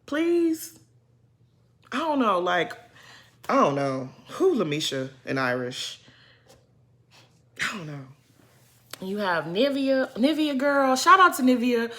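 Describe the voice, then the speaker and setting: Young woman, casual commentary, exasperated, bright tone, slightly high voice. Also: slow pace, pauses often. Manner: animated, exasperated, talks straight to the people she discusses. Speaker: reality TV commentator. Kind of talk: casual reaction vlog.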